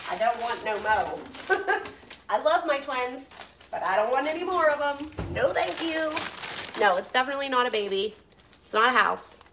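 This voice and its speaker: In her home kitchen, a vlogger in her thirties from Pennsylvania chats casually with her viewers as she cooks, laughing often and pausing to talk to her kids. Her slightly high voice sounds pushed and bright, with a bit of hiss or hum.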